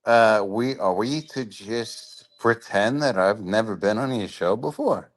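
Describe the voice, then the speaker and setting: A man's voice: on the low side, measured pace. A man calling in as a guest on a casual sports talk show, bantering playfully. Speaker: call-in guest.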